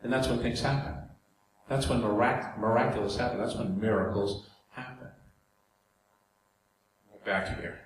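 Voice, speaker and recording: A man's voice: mid-range voice, unhurried, long pauses. A man preaching a sermon in a conversational way, with asides and jokes to the congregation. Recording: very echoey hall, faint background noise.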